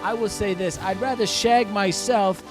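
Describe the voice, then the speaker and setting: A man's voice: high-pitched, steady tone, moderate pace, over music, close to an everyday voice. A man voicing a crude, rowdy, hungover English lad in a put-on British accent, ranting coarsely and swearing. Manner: coarse, rambling, swearing rant.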